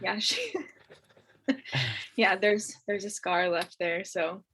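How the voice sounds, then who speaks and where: A woman in her twenties, a podcast guest, telling a childhood story in a casual, animated way and laughing often. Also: mid-range voice, slow pace, slightly rough, low-quality recording.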